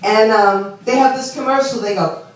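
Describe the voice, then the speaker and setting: A woman's voice: on the high side, moderate pace. A woman, doing a chatty, self-deprecating stand-up set and talking to the crowd. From Long Island. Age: 60s. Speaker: stand-up comedian. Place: small club. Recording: roomy club sound from a distant mic.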